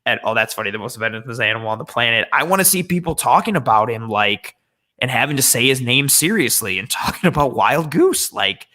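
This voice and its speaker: A man appearing as a guest draft scout, giving animated football analysis in a giggly, playful way. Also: mid-range voice, brisk. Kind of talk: casual sports chat.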